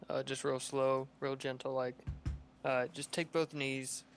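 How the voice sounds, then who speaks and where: A man playing a tabletop game, describing his character's actions slowly and calmly. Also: medium pitch, gravelly, soft background music. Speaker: player. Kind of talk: casual tabletop play. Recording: faint background noise.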